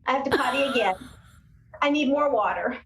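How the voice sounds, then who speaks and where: A woman voicing a small kid mid-tantrum, whining and wheedling in a high, sing-song voice. The sound is roomy, with some echo around it. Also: a little fast, a crowd in the background, natural voice. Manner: whiny, wheedling. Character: small boy throwing a whiny tantrum.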